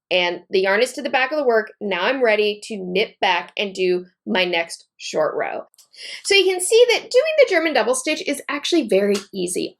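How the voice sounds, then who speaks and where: A woman's voice: medium pitch, creaky. A woman teaching a knitting technique step by step, talking while she works and repeating key points methodically. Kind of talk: step-by-step tutorial demonstration.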